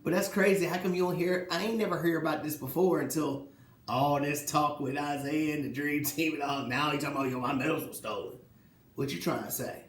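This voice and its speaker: Animated man ranting about sports, echoey room. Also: a little high, brisk, a little hiss or hum. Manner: animated, rhetorical questions, mocking quotes. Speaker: sports talk host. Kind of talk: casual solo sports commentary.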